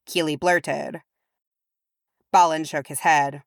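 A woman reading fan fiction aloud with steady, even narration. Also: deep voice, a little slow, no echo, clean studio sound. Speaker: audiobook reader.

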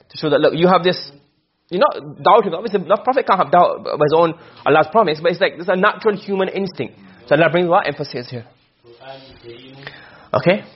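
Fast-talking man teaching a lesson. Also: sits high, slightly rough. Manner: asks and answers his own questions. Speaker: Arabic rhetoric teacher. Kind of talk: classroom lesson on Quranic rhetoric. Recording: dull lo-fi recording.

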